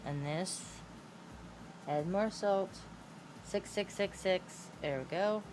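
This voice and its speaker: This middle-aged streamer talks slowly in a fairly low voice over background noise, chatting casually and telling stories as she plays. She giggles a lot and swears occasionally.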